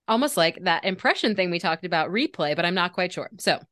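Expressive woman in a dry, close recording. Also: fairly low pitch, no echo. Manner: expressive, quick reactions, laughs a lot. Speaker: podcast co-host. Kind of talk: casual chat.

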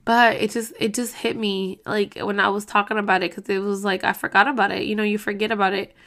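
A woman with a mid-range, level voice and a fairly bright tone talks quickly while hosting a casual podcast monologue. Heated and emotional, she speaks bluntly, swears a lot, and keeps restarting as she rambles.

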